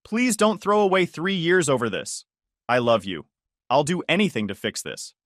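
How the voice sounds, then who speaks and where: A man's voice: medium pitch, expressive, moderate pace, a bit bright, dry recording, natural voice. A tearful young woman, as a man narrator puts her on, begs in a lifted, wavering voice. Her lines rise and fall with feeling, and the sound is close and dry. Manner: pleading, sobbing.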